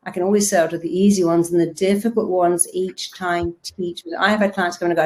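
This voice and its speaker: Lower-voiced woman telling stories. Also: moderate pace. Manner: lively storytelling with acted-out quotes. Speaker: therapist and self-help speaker. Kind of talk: motivational talk to camera.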